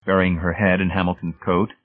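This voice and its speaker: Deep-voiced male audiobook narrator. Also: flat delivery, fairly quick. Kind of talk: scripted narration. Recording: tinny phone-like band.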